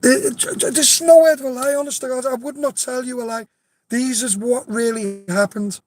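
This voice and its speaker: Very high but a little mellow, this Liverpool man's voice keeps fairly even intonation at a moderate pace. He's a storyteller sharing a rowdy tale in casual conversation, swearing, laughing a lot, and swearing it's true.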